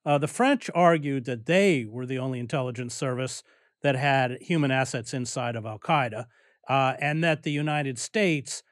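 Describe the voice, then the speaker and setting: A man hosting an interview, putting measured questions to his guest. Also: mid-range voice, no echo, studio quality. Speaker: host.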